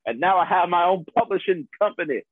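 A man's voice: high-pitched, animated, fast talker, dry recording. A man telling a personal story in casual chat, laughing often, swearing freely and poking fun at himself. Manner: profane, laughing, self-deprecating. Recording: dry tinny phone-like sound.

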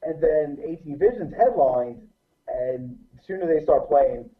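A man guesting on a podcast, telling a profane, animated anecdote in a casual way. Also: fairly high pitch, a little slow. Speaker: guest musician. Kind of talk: casual storytelling. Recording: tinny phone-like line.

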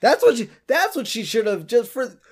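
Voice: mid-range voice, very animated, normal speed, husky. A podcast co-host in casual chat who laughs often and jokes about the episode.

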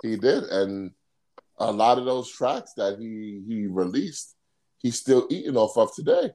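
A man's voice: on the low side, animated, a little slow, mellow. Podcast host guy, teasing and laughing, voice bouncing up and down a lot. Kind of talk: casual podcast banter.

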